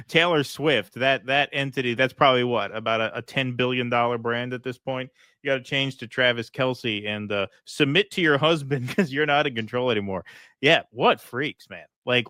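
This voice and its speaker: Sarcastic male co-host with a bright voice. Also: medium pitch, no room sound, clean studio sound. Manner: sarcastic, laughing, says "man" a lot. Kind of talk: casual political chat.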